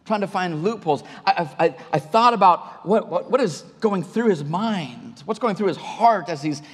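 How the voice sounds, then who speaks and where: A man's voice: high voice, lively intonation, moderate pace, slightly rough. A male pastor preaching a conversational sermon to his church, often restarting and repeating words. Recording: long hall reverb.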